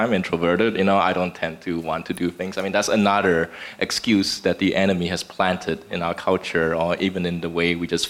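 A man in a church group discussion, explaining a teaching in a measured, explanatory way with some restarts. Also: deep voice, a bit bright.

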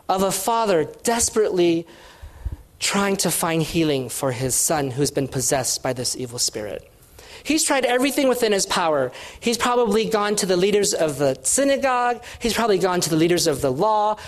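Earnest woman giving a devotional talk. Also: mid-range voice. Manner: earnest, emphatic, with restarts. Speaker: Bible teacher. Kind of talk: devotional sermon.

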